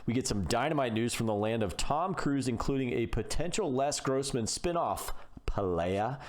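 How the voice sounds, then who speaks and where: A man's voice: medium pitch, animated, normal speed. A man co-hosting a casual podcast, reading the episode intro and making laid-back asides. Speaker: podcast co-host.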